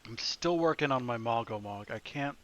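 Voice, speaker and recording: A man's voice: mid-range voice, expressive, moderate pace, fairly bright tone. A man chatting casually as a streamer during a role-play session. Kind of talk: casual chat.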